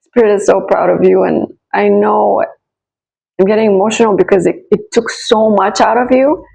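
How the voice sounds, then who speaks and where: A woman's voice: medium pitch, steady tone, normal speed, gravelly, darkish tone, breathy edge, rough recording. A woman psychic talking straight to her viewers in a soothing, encouraging way, often repeating her phrases. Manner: direct address to viewers. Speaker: psychic and spiritual coach. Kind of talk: casual channeled reading to camera.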